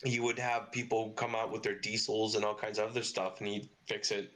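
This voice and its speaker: A man's voice: fairly low pitch, monotone, brisk, fairly bright tone. A middle-aged man, a guest on a podcast, telling long casual stories full of fillers and swearing. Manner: swears freely, rambling anecdotes with lots of fillers. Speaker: podcast guest, car parts business owner. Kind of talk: casual storytelling interview.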